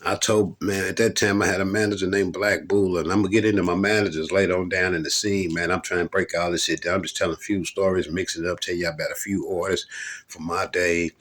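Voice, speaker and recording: A man's voice: deep voice, steady tone, a little fast, fairly bright tone. A middle-aged man from Louisville, a rapper, telling rambling, profane stories about his hip hop days in a laid-back, casual monologue. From Louisville, Kentucky.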